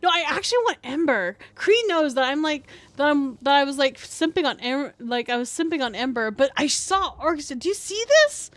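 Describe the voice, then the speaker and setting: Tired high-voiced woman rambling on stream. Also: normal speed, few pauses, fairly bright tone, no echo. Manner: rambling, filler-heavy, swears freely, self-mocking. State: tired, scratchy throat. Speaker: VTuber game streamer. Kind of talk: casual live-stream chat.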